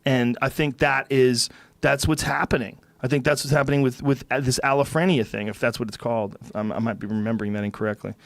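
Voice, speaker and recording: A man's voice: medium pitch, steady tone, fast, vocal fry, dry recording. A man hosting a podcast, musing in loose, profane casual chat. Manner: loose, profane, reacts with short interjections. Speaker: podcast host.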